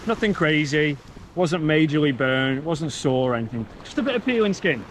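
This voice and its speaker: The audio is poor, with a little hiss or hum, as a man with a northern English Warrington accent strolls along a beach outdoors. This English travel vlogger speaks at a normal speed in a slightly high, expressive voice, chatting casually and telling stories that poke fun at himself.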